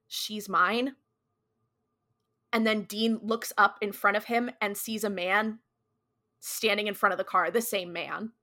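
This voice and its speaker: A woman's voice: mid-range voice, sharp tone. A woman co-hosting a podcast, retelling a TV episode in a chatty, slangy way full of "like". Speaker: podcast co-host. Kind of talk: casual episode recap.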